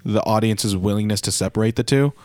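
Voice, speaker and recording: A man's voice: on the low side, fairly quick, darkish tone, dry recording. A young man co-hosting a podcast, recapping wrestling matches move by move and adding dry asides. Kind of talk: casual recap chat.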